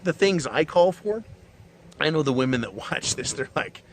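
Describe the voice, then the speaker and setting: A man's voice: fairly high pitch, expressive, normal speed, a little hiss or hum. A man hosting his own show, delivering a blunt, profane, mocking monologue. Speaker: show host. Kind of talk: ranting monologue.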